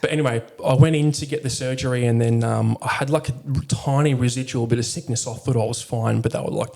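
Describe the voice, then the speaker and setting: A man's voice: medium pitch, fairly even intonation, fast talker, creaky, hardly any pauses, a little mellow. A man, a military veteran telling personal stories candidly as a podcast guest, bluntly and with a lot of swearing and fillers. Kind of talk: candid conversational storytelling.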